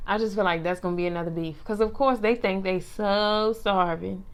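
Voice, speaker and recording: A woman co-hosting a casual chat, telling animated stories, laughing often and swearing freely. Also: mid-range voice, normal speed, smooth. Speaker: podcast co-host.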